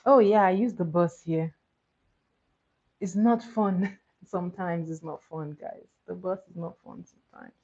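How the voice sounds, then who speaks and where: A woman's voice: on the low side, measured pace, a little mellow. A woman chatting casually with live viewers while doing her makeup. She answers their comments and laughs often. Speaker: makeup livestream host. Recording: slightly muffled, dull sound.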